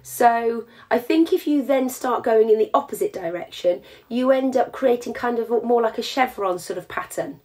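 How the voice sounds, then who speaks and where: A woman's voice: a little high, lively intonation, moderate pace, hardly any pauses, dark tone. A woman talks viewers through a craft live. Her delivery is chatty and practical, and she explains each step as she works. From England. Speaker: jewellery teacher.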